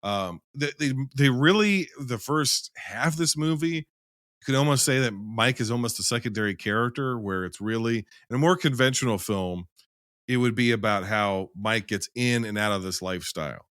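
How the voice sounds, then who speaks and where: A man's voice: medium pitch, moderate pace, fairly bright tone, no echo, clean studio sound. A man in a casual film-review chat, rambling and emphatic, who swears freely.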